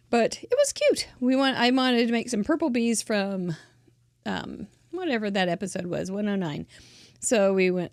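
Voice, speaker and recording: A woman hosts a craft show, chatting casually and effusively on the live show, gushing and laughing often as she shows cards from viewers. Her mid-range voice is gravelly and darkish, with studio quality and no echo.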